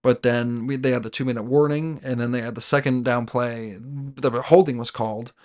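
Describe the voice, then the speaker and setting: A man's voice: mid-range voice, steady tone, moderate pace, darkish tone. A man hosting a sports podcast, giving a casual solo recap of his team's game. He rambles as a fan, with many fillers and restarts. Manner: rambling, with frequent fillers and self-corrections; fan talking about his team as "we".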